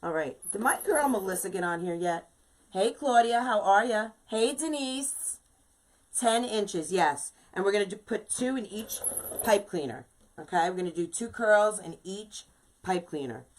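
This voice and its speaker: A craft shop owner with a New York accent hosts a live wreath-making stream, her mid-range voice expressive and measured as she chats casually with viewers. "You know" dots her speech, and the audio is poor.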